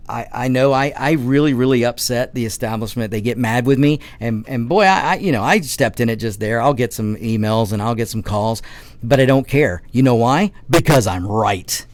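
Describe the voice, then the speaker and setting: A man's voice: mid-range voice, no room sound. Passionate male talk radio host, dry sound. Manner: passionate ranting, many restarts. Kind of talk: political talk radio monologue.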